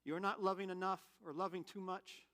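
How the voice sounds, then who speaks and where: A man preaching a sermon in a candid, animated, conversational way, telling personal stories. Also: high voice, brisk. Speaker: pastor.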